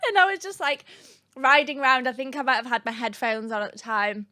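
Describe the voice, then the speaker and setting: A woman who is a podcast guest, telling her story in a giggly, expressive way. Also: sits high, fairly quick, dry recording, clean studio sound. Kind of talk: casual conversation.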